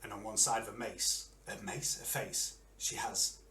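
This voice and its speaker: Male GM narrating a tabletop game; bright tone, unhurried, roomy echo. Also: lowish voice, steady tone, slight background noise. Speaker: game master.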